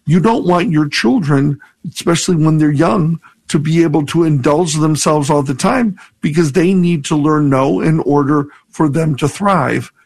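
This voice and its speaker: A man's voice: a little high, moderate pace, a little mellow, slightly rough. A man, a priest co-hosting a call-in radio show, talking in a reflective, earnest way and telling stories.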